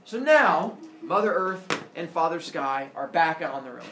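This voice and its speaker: Animated man telling a myth. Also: a little high, a little slow. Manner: animated, quizzes listeners as he goes. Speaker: storyteller. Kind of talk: lively oral storytelling to a listening group. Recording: roomy, distant mic, faint noise.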